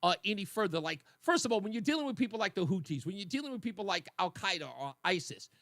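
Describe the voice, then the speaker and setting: A man's voice: sits high, big pitch swings, fast, fairly bright tone, no room sound, studio quality. A man hosting a call-in radio talk show, chatting in a rambling, casual way and laughing easily. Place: radio studio. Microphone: studio microphone.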